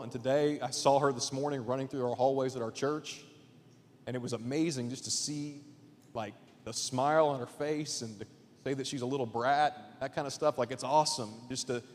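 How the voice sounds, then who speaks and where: A man preaching a sermon as a guest pastor in a church, casual and chatty, swinging between loud emphatic points and hushed asides. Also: medium pitch, big-room sound, slight background noise. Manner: casual, chatty with fillers and jokes. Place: church auditorium.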